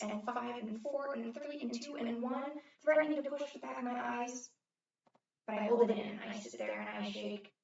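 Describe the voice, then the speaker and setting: A woman's voice: on the high side, vocal fry, darkish tone. A young woman playing a hurt, shy eleven-year-old girl. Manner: earnest first-person storytelling with halting restarts. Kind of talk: competitive dramatic interpretation. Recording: roomy, dull, from far off.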